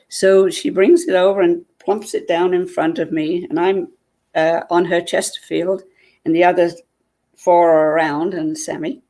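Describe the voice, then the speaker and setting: A woman, a guest, telling a personal story in a lively way and acting out what people said. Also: fairly low pitch, a little slow.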